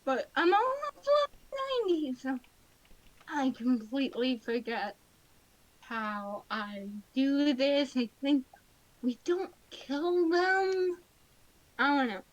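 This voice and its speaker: A woman's voice: sits high, animated, slow, dry recording, low-quality recording. A woman streamer chatting casually with a friend and her chat, playful and often mock-whining. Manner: playful, whiny mock-crying. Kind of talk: casual stream chat while gaming and drawing.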